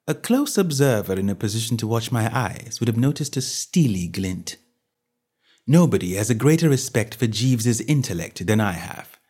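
A man's voice: mid-range voice, darkish tone, slightly rough. A man reading a comic novel aloud in the first person, with a playful, mock-grand storytelling manner. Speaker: audiobook narrator. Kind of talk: scripted narration of a comic novel.

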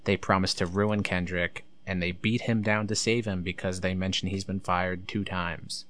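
Blunt, sarcastic man with a low voice. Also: level tone, normal speed, a bit bright. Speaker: host recapping a wrestling show. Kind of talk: casual recap commentary.

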